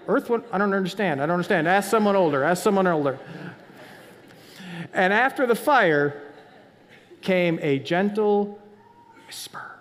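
Pastor, male, high-pitched, dynamic sermon delivery, hall reverb. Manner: dynamic preacher, drops to whispers and rises to near-shouts.

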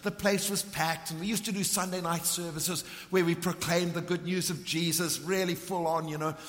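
A middle-aged man from Africa, preaching a passionate sermon that swings from ringing emphasis to hushed intensity. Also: on the high side, fairly even intonation, moderate pace. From South Africa. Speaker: visiting preacher. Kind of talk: sermon with storytelling. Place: church hall. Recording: long reverb of a large hall.

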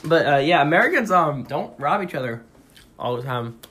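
Goofy podcast host, bright and rambling, casual chat at home. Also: medium pitch, very animated, normal speed, breathy edge. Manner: goofy, rambling, laughs and sings bits.

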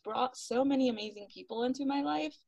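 A talkative woman tells her story as a podcast guest. Her voice has a gravelly fry at the ends of lines, and she laughs often and acts out what people said. The sound is dry and close. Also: sits high, a little fast, dry recording, muffled recording. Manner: animated, laughs often, acts out quotes, many "like" fillers. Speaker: interview guest, runner. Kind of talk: casual storytelling interview.

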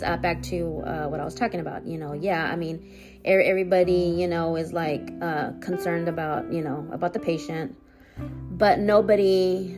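A woman hosting a personal podcast as a family caregiver, talking in halting sentences full of fillers and restarts. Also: fairly low pitch. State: near tears, voice rising and breaking.

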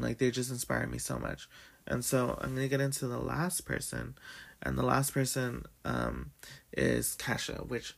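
A young man with a raspy morning voice, telling a story in a casual, chatty way full of "like" and "um". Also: medium pitch. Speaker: podcast host.

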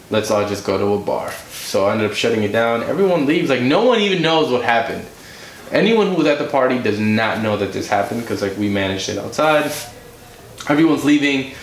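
A man, a podcast guest, telling a story in a casual way and acting out the voices of the people in it. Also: fairly low pitch. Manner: animated, acts out quoted dialogue. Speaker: podcast guest, music director and producer. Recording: roomy room, faint noise.

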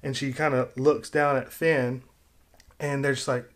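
A man casually talking through his own rewrite of a film plot, opinionated and rambling, getting animated when he criticizes. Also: mid-range voice, unhurried. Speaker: film commentator.

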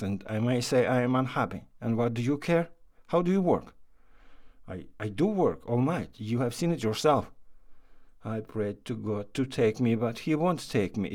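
A man's voice: medium pitch, a little mellow, natural voice. A man reading a story aloud and voicing a distraught mother who scolds her son and laments her lot. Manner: lamenting, reproachful, rising to outbursts. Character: anxious scolding mother of modest means.

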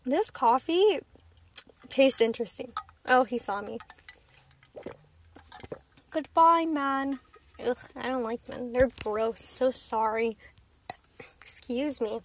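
A woman's voice: high-pitched, lively intonation, slow, long pauses, slight background noise. A woman hosting a casual vlog from inside her car, rambling and chatty with frequent giggles and self-mocking asides. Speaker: vlogger host.

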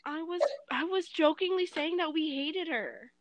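A young woman teasing her friends with quick quips in casual chat. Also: very high-pitched, highs cut off, background noise. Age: young adult.

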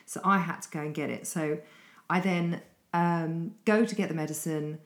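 A woman's voice: low voice, moderate pace, roomy sound. A middle-aged British woman, a coach, telling a long story in a rambling, self-deprecating way. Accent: British English. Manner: rambling, breathless retelling with self-deprecating asides. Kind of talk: casual storytelling monologue.

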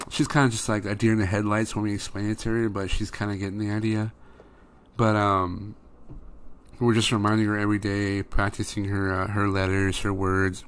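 A man's voice: lowish voice, a bit bright, clean tone. A young man, a father, telling casual rambling stories about his daughter as a podcast host, full of fillers. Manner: rambling, many fillers like "you know". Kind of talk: casual storytelling monologue.

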